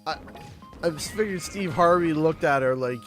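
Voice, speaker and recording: A man casually chatting and joking on a game livestream, animated and full of mock outrage. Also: a little high, moderate pace, faint music behind. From Canada. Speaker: streamer. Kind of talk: casual livestream chat while gaming.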